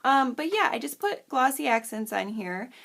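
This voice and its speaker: She's a craft channel host walking through a tutorial, bubbly and self-deprecating, prone to rambling and losing her train of thought. The voice is high-pitched and creaky, a bit bright, with big pitch swings at a moderate pace.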